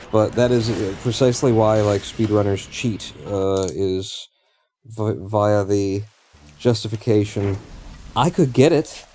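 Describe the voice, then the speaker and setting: A man's voice: on the low side, dark tone, slight background noise. A man streaming a game live, talking to himself and the game in a rambling, profane way. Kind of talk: live gameplay commentary.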